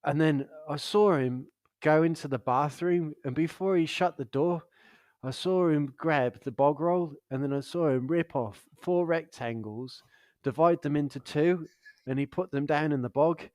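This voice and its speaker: A young man spins crude anecdotes on a podcast, laughing often and swearing freely. His voice sits a little high, and the recording is dry and close. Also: measured pace, a little mellow, no echo. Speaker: podcast co-host. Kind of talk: casual storytelling chat.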